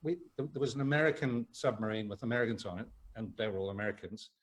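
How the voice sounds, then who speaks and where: A man's voice: lowish voice, quick pace, rough recording. A man with a New Zealand accent, telling a rambling anecdote as a talk-show guest over a video call and laughing as he goes. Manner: rambling storyteller, laughs often, many restarts. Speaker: guest actor.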